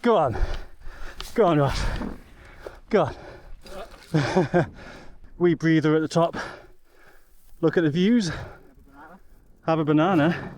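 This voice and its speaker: A man's voice: on the high side, takes it slowly, long pauses, darkish tone. A man vlogging outdoors on a bike trail, chatting casually and laughing often between remarks. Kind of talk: casual chat while riding.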